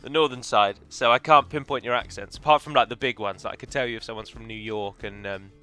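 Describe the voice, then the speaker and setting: A man's voice: mid-range voice, quick pace, sharp tone, soft background music. A man casually commenting over a strategy game he plays, rambling into opinionated asides about pronunciation. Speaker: game modder and let's player.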